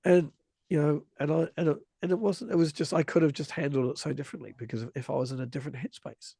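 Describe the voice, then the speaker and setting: A man's voice: a little high, steady tone, fast talker, creaky, warm tone, slightly rough, dry recording. A man in his forties telling a story in casual conversation, rambling with many restarts and vivid retelling. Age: 40s.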